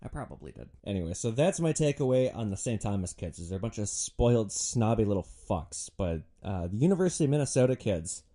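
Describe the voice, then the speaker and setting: Brief: young guy, comic storyteller, swearing freely, animated delivery, warm mellow voice. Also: fairly low pitch, fast talker, few pauses. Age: young adult. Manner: sardonic, profane, animated. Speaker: podcast host, former rideshare driver. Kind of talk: comedic storytelling monologue.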